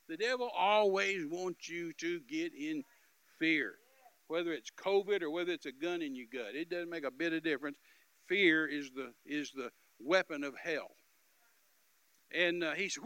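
A man telling a story in a sermon, dramatic and swinging between quiet narration and loud outbursts. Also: a little high, animated, brisk, dry recording, low-quality recording. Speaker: preacher.

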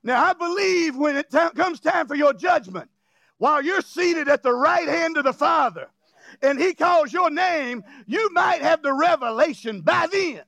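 High gravelly preacher, shouting fervently. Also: male voice, expressive, measured pace, no room sound. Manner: impassioned, often shouting with rising cries, informal grammar; jokes and laughs with the congregation. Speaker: pastor. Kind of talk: fiery revival sermon.

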